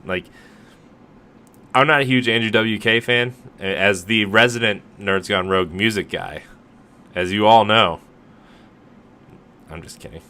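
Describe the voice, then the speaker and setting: Guy co-hosting a podcast, kinda rambly, lots of "like", bright forceful voice, lowish pitch. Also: measured pace, pauses often. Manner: rambling, filler-heavy, joking. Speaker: podcast co-host. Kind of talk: casual podcast chat.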